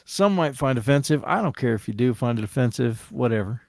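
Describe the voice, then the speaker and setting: A man's voice: mid-range voice, lively intonation, brisk, no echo. A man from Dayton, Ohio, co-hosting a trading show and giving dry, teasing replies in casual banter.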